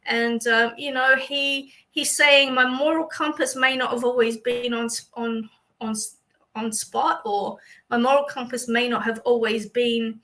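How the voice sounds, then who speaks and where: A woman's voice: fairly high pitch, fairly even intonation, a little slow, pushed and bright, low-quality recording. An Australian woman, a psychic medium, chatting through a livestream reading for viewers with many fillers and a reassuring manner.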